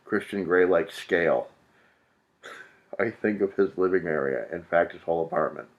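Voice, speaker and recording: A man with a low, gravelly voice reads a novel aloud for laughs. He keeps stopping to mock it in crude, profane asides, sounding fed up with the text. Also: normal speed. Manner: profane, exasperated, mocking. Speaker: comedic reader. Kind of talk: comedic read-aloud with crude commentary.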